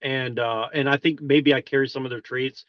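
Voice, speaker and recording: A man's voice: medium pitch, fairly even intonation, moderate pace, dull audio, very noisy. A man talking in a hesitant, thoughtful way in casual podcast chat, often restarting his sentences.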